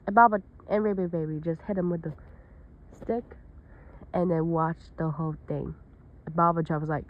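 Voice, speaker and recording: A woman's voice: fairly low pitch, steady tone, normal speed, lo-fi sound. A woman telling an improvised story in a casual, rambling way, with run-on sentences and restarts.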